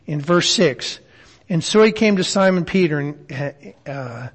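A man with a somewhat high voice teaches a Bible study in an easy, conversational way. He keeps turning to his listeners with questions. His voice rings with the long reverb of a hall. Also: animated, a little slow.

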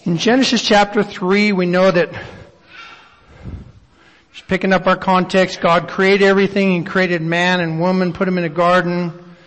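A man's voice: sits high, little pitch movement, moderate pace, fairly bright tone. A man preaching a sermon, reading scripture aloud and posing reflective rhetorical questions. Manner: reads scripture aloud at length. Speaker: pastor. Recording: long hall reverb.

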